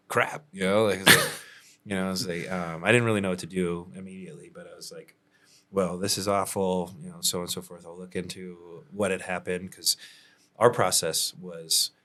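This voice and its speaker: A man's voice: low-pitched, bright, forceful tone, a little hiss or hum. A male roofing contractor telling work stories in a casual podcast chat, laid-back, with frequent chuckles and fillers.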